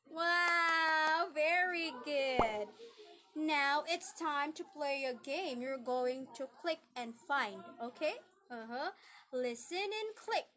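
A woman with a very high, lively voice gives a demo English lesson to a small child. She talks slowly and gives big, cheerful praise. Her tone is bright, with faint noise behind her. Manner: exaggerated cheerful praise, slow teacher-talk to a small child. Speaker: online English teacher.

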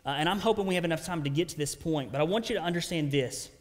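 A man's voice: on the high side, racing. A man preaching a sermon as pastor, earnest and conversational, often checking in with "right?". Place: church sanctuary. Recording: long church hall reverb.

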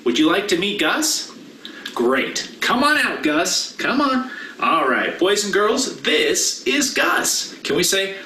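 A pastor giving a children's message, talking with playful, animated banter to a silent puppet. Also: male voice, fairly high pitch, slight background noise. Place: church sanctuary. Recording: roomy hall from a distance.

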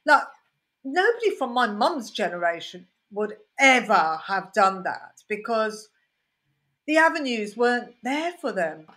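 A woman's voice: a little high, unhurried. A woman comedian with a Birmingham accent, telling rambling, anecdotal stories in a casual podcast chat. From Birmingham, England. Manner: rambling, anecdotal storytelling with lively asides. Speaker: comedian guest.

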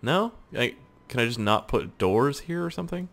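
A young man casually commenting on a life-sim game he is playing, swearing freely, joking and talking to his characters, swinging between mumbled asides and loud outbursts. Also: mid-range voice, expressive, normal speed, creaky. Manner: profane, jokey, talks to the game characters. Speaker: gaming YouTuber.

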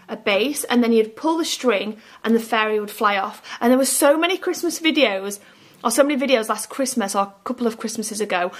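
Chatty British mum type, fairly high voice, easygoing rambling delivery. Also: female voice. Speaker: family vlogger. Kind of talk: casual gift haul chat.

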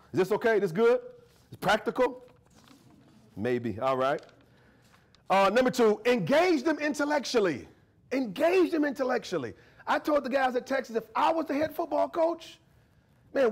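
A man giving a lively, conversational guest lecture as a history professor, joking and often checking in with his audience. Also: very high voice. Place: university lecture to a live audience.

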